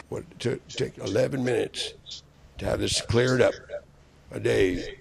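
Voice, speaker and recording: A man delivering a rambling, profane solo rant, hurling accusations with broken restarts and bursts of shouting. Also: mid-range voice, steady tone, a little slow, gravelly, long pauses, slight background noise.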